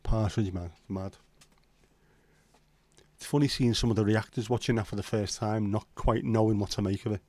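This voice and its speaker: A Scouse man from Liverpool, England, hosts a casual livestream chat, rambling, swearing and bantering with viewers. His voice is lowish and darkish, with fairly even intonation, a moderate pace and long pauses. There's no room sound.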